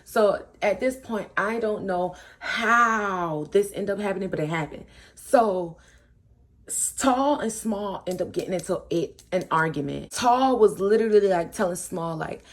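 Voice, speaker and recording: Animated young woman telling a story. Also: mid-range voice, unhurried. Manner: animated, acts out quoted friends, slangy. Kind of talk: casual storytime.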